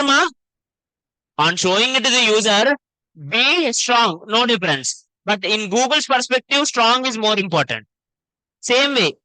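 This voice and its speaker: A man's voice: high-pitched, pushed and bright, clear, resonant tone, no room sound, low-quality recording. A man teaching an online coding class. He explains in short, repeated phrases and keeps checking in with "okay?" and "right?".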